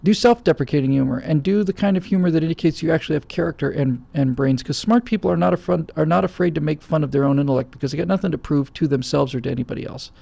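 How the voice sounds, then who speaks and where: A middle-aged man hosts, trading in emphatic, blunt opinions and acting out the voices he quotes. His voice sits a little high for a man yet stays mellow, with a gravelly edge. The recording is close and dry. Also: quick pace, few pauses, no echo. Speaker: host. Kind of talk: opinionated commentary answering viewer questions.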